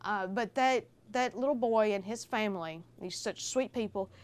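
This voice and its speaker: A woman guest on a casual podcast, telling a story in a warm, animated way. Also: medium pitch, normal speed. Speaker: film festival organizer guest.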